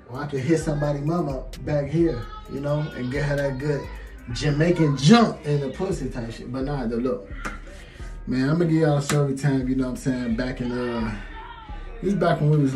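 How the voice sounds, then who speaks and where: A man's voice: medium pitch, warm tone. A man, telling a story in a laid-back, slangy way full of fillers. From Chicago. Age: 20s. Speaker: vlogger. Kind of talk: casual storytelling. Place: small bathroom. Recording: echoey bathroom, faint music.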